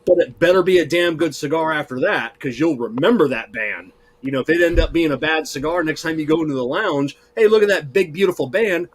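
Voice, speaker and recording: A man's voice: fairly high pitch, brisk, few pauses. A man, a guest cigar reviewer, chatting eagerly and restarting his sentences often. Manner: enthusiastic, repeats himself with restarts. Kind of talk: casual podcast chat.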